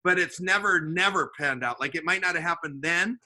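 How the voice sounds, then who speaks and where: A man, a sales manager and podcast guest, telling an animated story and acting out the dialogue with voices. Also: on the high side, brisk. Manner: acts out the dialogue in his stories with voices. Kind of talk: animated storytelling in casual chat.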